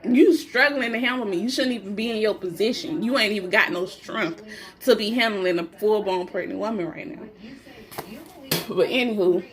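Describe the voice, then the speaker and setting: A pregnant woman telling her own story in a loose, casual way. She is blunt and defiant and swears freely. She slips into other people's voices as she acts out what they said, and her own voice sits at a mid pitch. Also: normal speed. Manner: animated, acts out others' lines in shifted voices. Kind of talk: casual first-person storytelling.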